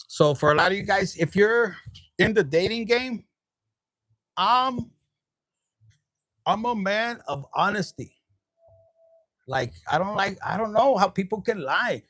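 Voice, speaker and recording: A man's voice: high-pitched, lively intonation, a little slow, long pauses, fairly bright tone, dry recording. A young man, reading tarot in a casual livestream, talking candidly with profanity and jokes and slipping into Spanish words. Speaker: tarot reader.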